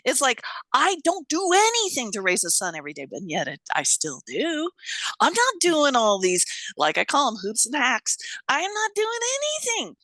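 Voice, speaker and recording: Woman, interview guest, lively pitch, bright tone, laughs a lot, swears casually. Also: moderate pace, no room sound, rough recording. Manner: animated, laughs often, salty language.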